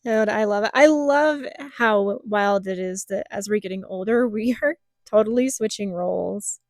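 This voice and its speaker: A woman hosting a podcast in casual chat, asking questions in a steady, reflective way. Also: medium pitch, normal speed, dry recording, studio quality. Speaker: podcast host.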